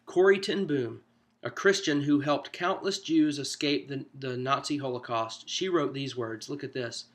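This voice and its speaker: A man talks small group leaders through a discussion guide in an easy, unscripted way. His voice sits at an ordinary middle pitch, and he drops in casual asides as he goes. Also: moderate pace. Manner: conversational, loose, with frequent "you know" asides. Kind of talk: informal teaching walkthrough.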